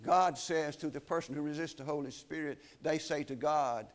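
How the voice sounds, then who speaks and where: A man preaching a sermon, solemn and emphatic, slowing down to weigh key phrases. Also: on the high side.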